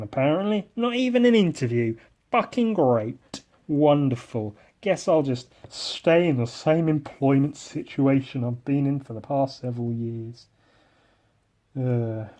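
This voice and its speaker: Slow-talking bitter sweary man. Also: mid-range voice, darkish tone. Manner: self-deprecating. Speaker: podcast host. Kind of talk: rambling solo podcast monologue. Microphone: podcast microphone.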